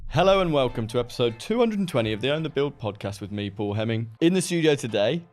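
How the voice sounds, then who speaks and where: A chatty English man hosts a podcast, his voice sitting at an ordinary middle pitch. He talks in a jokey, easygoing way and laughs often. Faint music hums underneath. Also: expressive, fast talker, a little mellow. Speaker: podcast host. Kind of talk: casual interview chat.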